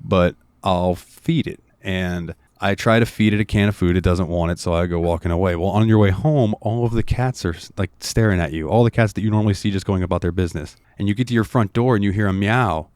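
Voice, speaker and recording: A man's voice: sits low, a little fast, few pauses, a little mellow, smooth, no room sound. A man co-hosting a casual podcast, rambling through a game's story with lots of fillers. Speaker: podcast co-host.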